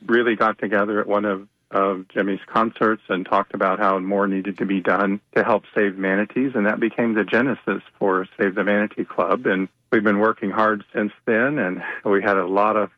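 Low-voiced man on a dull line. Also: level tone, normal speed, hardly any pauses, dry recording. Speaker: nonprofit executive director, guest. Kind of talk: radio interview. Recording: dull, dry remote line.

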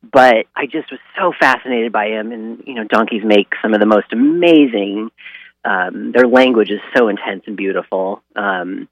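A man's voice: lowish voice, moderate pace, no echo, muffled recording. A man from California, a guest on a radio show, talks casually with frequent ums and short laughs. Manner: relaxed, hesitant, many ums and laughs. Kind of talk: casual interview conversation.

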